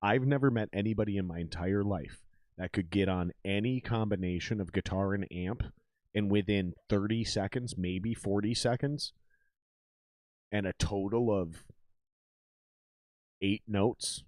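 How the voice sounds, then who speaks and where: A man hosting a podcast in a casual, animated, profane talking style. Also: fairly low pitch, measured pace, pauses often, dry recording, clean studio sound. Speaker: podcast host.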